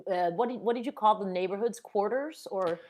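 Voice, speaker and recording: A woman's voice: medium pitch, brisk, a little mellow. A woman hosts a livestreamed conversation from her video call mic. She sounds chatty and upbeat and jumps in often to agree. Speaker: festival host. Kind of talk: casual livestream chat.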